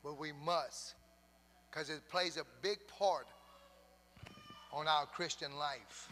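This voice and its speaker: A pastor preaches in a church. His voice sits high and bright. He tells folksy stories and keeps calling out to the congregation, and his words ring with the long reverb of the church hall. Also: steady tone, takes it slowly, slight background noise. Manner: folksy storytelling with exhortations. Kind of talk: sermon.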